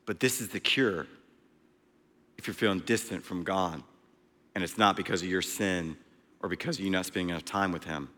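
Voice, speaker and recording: A male preacher delivering a sermon, emphatic, swinging between loud and hushed delivery. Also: low-pitched, moderate pace, long pauses, long reverb tail.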